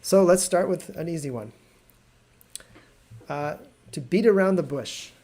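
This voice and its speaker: A man teaching an English lesson on a live video stream, explaining patiently and repeating words slowly. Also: on the high side, expressive, dark tone. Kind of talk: live online language lesson.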